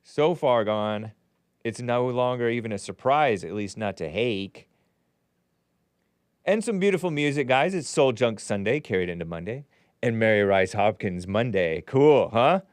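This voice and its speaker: Man, call-in show host, chatty, upbeat, smooth clear voice, dry close sound. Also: mid-range voice, lively intonation, unhurried, no echo. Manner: chatty, upbeat, bursts into loud greetings. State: voice slightly strained. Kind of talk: casual live call-in show.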